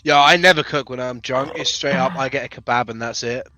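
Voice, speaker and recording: A man's voice: mid-range voice, steady tone, a little fast, bright, forceful tone, lo-fi sound, slight background noise. A man playing in a tabletop game, chatting in a laid-back, offhand way. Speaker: player. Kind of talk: casual chat.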